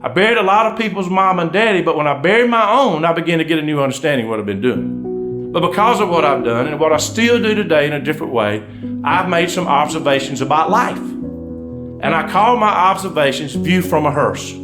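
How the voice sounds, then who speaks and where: Fast-talking Southern country undertaker. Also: male voice, fairly high pitch, animated, music in the background. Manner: folksy, drawling, breaks into laughs at punchlines. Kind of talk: comic storytelling to a live audience. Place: stage before a live audience.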